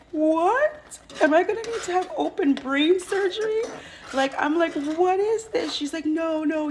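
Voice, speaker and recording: A woman telling a personal story in a casual, animated way, acting out what others said to her. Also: fairly low pitch, background noise.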